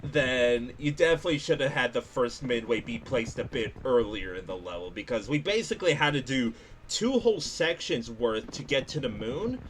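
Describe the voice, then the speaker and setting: Excitable young man streaming a game. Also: medium pitch, normal speed, a little hiss or hum. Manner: excitable, laughs and yelps often. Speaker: gaming streamer. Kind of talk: live gameplay commentary.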